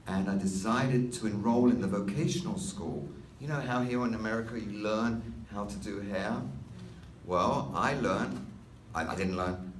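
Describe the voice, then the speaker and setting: A man in his sixties from North London, a master stylist and speaker with an English accent, tells rambling anecdotes with wry asides to an audience in a hall. His voice is on the low side, picked up by a distant mic in an echoey room with a little hiss or hum.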